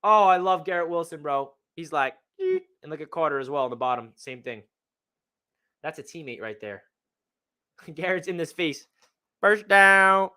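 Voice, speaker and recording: A young man excitedly breaking down game film as a fan analyst, talking in a slangy way full of exclamations. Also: a little high, normal speed, long pauses, clean tone.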